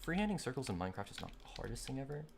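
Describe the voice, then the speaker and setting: A young man streaming a game, talking casually and rambling with lots of fillers and quick irritation. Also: mid-range voice, sing-song, vocal fry. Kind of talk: casual gaming stream chat. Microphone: desk microphone. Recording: noisy home mic with keyboard clicks. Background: keyboard clicks and typing.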